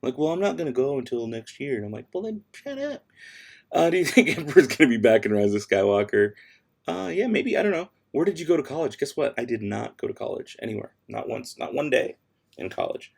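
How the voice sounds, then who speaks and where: Late at night on a home livestream, an adult man with kids reads out viewer questions and fires back offhand, sassy answers between tasks. His medium-pitched voice is fast, creaky, darkish and slightly rough, with lively intonation.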